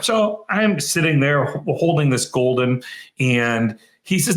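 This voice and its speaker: A middle-aged man tells an anecdote in a loose, rambling way, stopping now and then to fix details. His pitch sits at an ordinary middle. The recording has a noticeably echoey room sound. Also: normal speed, fairly bright tone. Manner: rambling anecdotal storyteller, self-correcting. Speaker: interviewer, practice marketing co-founder. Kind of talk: casual storytelling interview.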